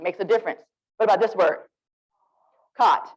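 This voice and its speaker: A woman with an Alabama Southern accent, leading a lively, interactive literacy workshop and coaxing the audience to join in. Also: mid-range voice, normal speed, breathy edge, poor audio. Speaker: literacy presenter.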